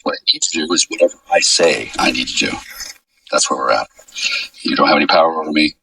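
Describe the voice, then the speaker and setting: A man's voice: fast talker, sharp tone, dry recording, far from the mic, low-quality recording. A man talking alone in a rambling, sarcastic monologue that accuses people, with his voice leaping up suddenly. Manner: sarcastic, accusing rant with sudden pitch jumps. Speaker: vlogger.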